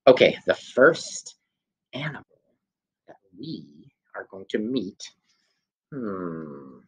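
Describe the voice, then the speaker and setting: A man's voice: lowish voice, big pitch swings, slow pace, pauses often, slightly rough. A young man teaching a children's music class over video, playful and sing-song as he gives clues and sings simple songs. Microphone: handheld phone camera.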